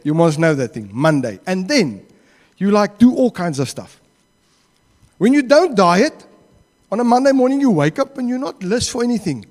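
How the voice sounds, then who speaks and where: A man's voice: sits high, normal speed, in a large hall. A man with a South African accent preaching a sermon in a church, acting out the quotes he tells. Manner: animated, acts out quotes.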